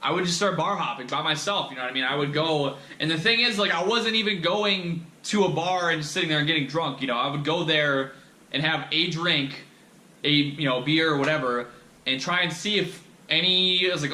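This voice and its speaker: A man's voice: on the high side, brisk, pushed and bright. A young man hosting a podcast, telling a candid personal story in a rambling, profane way full of fillers and restarts. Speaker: podcast host. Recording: echoey room.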